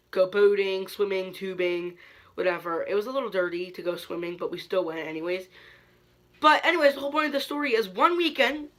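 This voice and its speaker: Bright-voiced young man telling stories. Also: sits high. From Kentucky. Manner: animated storytelling, many "like" fillers, dramatic quoted reactions. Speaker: YouTube host. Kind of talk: story time vlog.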